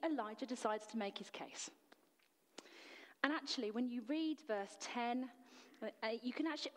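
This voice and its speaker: A woman's voice: on the high side, big-room sound. A woman preacher delivering a sermon in an earnest, emphatic way, full of rhetorical questions. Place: church.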